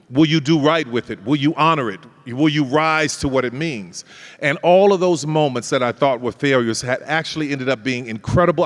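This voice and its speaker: An animated man tells his story as an interview guest. His voice sits at a middle pitch and trails off into a long, reverberant hall tail. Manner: animated storyteller who acts out dialogue and laughs often.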